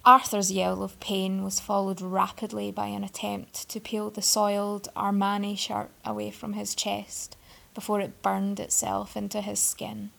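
A woman's voice: medium pitch, monotone, unhurried, vocal fry, a bit bright. A woman narrating a story aloud with a wry, sardonic delivery. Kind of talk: storybook reading.

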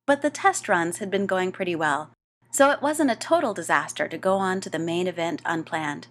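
A woman reading a story aloud as narrator, with a wry, expressive delivery. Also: lowish voice, moderate pace.

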